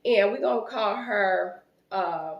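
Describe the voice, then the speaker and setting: Animated woman vlogger, echoey room. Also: mid-range voice, slow pace, lo-fi sound. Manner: animated storyteller acting out conversations. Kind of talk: storytime vlog.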